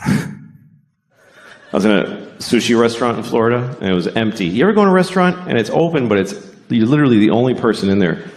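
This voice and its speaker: A man performs stand-up comedy, cursing freely and mixing deadpan asides with sudden high-pitched outbursts.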